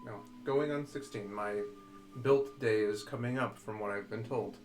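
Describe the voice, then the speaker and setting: An earnest, stiffly formal warforged played by a man in a tabletop game. He picks his words carefully and pauses with small hesitations. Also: fairly low pitch, soft background music, lightly acted. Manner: formal, precise wording with hesitations.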